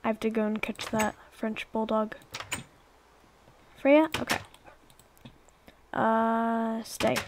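A woman's voice: fairly high pitch, gravelly, darkish tone, a little hiss or hum. A young woman chatting and rambling through her gameplay commentary, exclaiming and coaxing her pets along. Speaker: let's play YouTuber.

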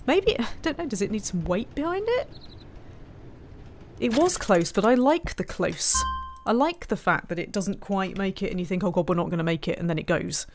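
Woman, gamer commentary, mid-pitched, self-talk with muttered asides. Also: big pitch swings, moderate pace, soft background music. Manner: chatty, talks to herself, mutters frustrated asides. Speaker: game streamer. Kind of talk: casual let's-play commentary.

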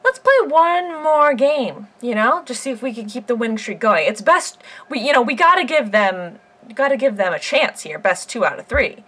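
A woman casually commenting while she plays a game, playful and excitable, cheering and trash talking and now and then squeaking in a silly high voice. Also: moderate pace. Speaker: gaming video creator. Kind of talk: playing a game with live commentary.

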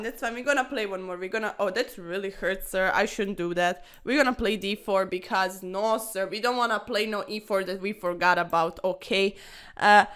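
A woman's voice: medium pitch, normal speed, fairly bright tone, smooth. A young woman commentating her own online chess games in a playful, dramatic way, full of quirky slang and mock-formal asides. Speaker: chess streamer.

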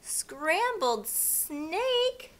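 A woman voicing a nervous male snake in a children's storybook, high and jittery. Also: big pitch swings, normal speed, pushed and bright, full character voice.

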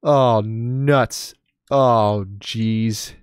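A man's voice: on the low side, fairly even intonation, very slow, smooth, dry recording, studio quality. A young man streaming a game in casual commentary, joking and rambling with self-mocking asides.

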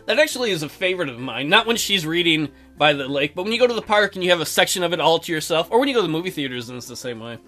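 A man with a high, bright voice hosts a let's play, reading the story aloud and cracking jokes between lines. His pitch swings widely, and faint music plays behind him. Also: racing. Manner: animated, joking, breaks into silly voices. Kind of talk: reading a visual novel aloud with jokey asides.

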